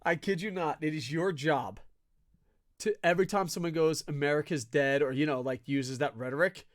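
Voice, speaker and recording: A man co-hosting a casual sports podcast, ranting with lots of swearing and swinging between loud shouts and low mutters. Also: normal speed. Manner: profane, excitable ranting. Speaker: podcast co-host.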